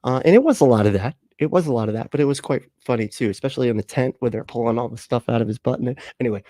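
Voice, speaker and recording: A man in his late thirties chats loosely on a livestream, wandering from topic to topic, laughing often and swearing freely. His voice sits at an ordinary middle pitch and sounds dry and close, with no room around it. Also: racing, hardly any pauses, dark tone, dry recording. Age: late 30s. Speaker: livestream host. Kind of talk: casual livestream chat reading comments.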